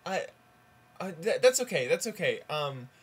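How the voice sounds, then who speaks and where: A man voicing a frantic new mother in a hospital, who begs in a high, pleading voice that climbs into shrill panic. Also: sing-song, moderate pace, husky. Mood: pleading, panicked.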